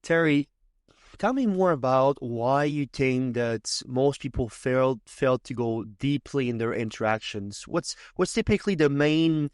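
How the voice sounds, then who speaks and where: A man hosting a podcast, asking long, halting questions and rephrasing them as he goes. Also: medium pitch, clean tone, no echo, studio quality. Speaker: podcast host. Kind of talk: interview questions.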